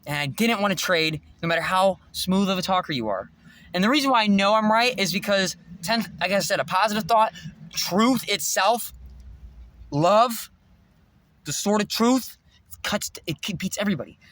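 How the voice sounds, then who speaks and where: A man's voice: high-pitched, lively intonation, moderate pace, fairly bright tone, slight background noise. A man vlogging in a rambling, preachy spiritual monologue, intense and swearing freely.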